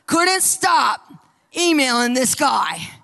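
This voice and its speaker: A woman telling a personal story in an animated sermon style, acting out the people she quotes with raised, shouted lines. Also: high-pitched, slow pace, creaky. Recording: long hall reverb.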